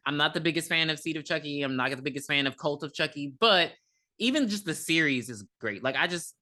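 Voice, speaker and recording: Animated, bright-voiced podcast co-host. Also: medium pitch, fairly quick. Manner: animated storyteller, swears freely. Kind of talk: casual movie recap chat.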